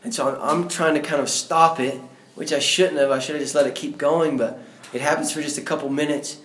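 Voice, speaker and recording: A man's voice: on the high side, fairly even intonation, a little fast, fairly bright tone. Earnest man telling a testimony, roomy sound. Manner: earnest, builds to fervent preacher-like outbursts. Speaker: guest sharing a faith testimony. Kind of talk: personal testimony storytelling. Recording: roomy echo.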